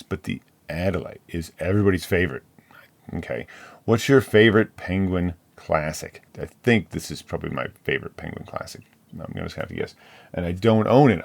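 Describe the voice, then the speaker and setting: A middle-aged man chats about books in a loose, wandering way, full of fillers and restarts. His voice is very deep, with a rough, gravelly fry. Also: a little mellow. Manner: rambling, filler-heavy and self-interrupting. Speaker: book reviewer. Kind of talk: casual book chat.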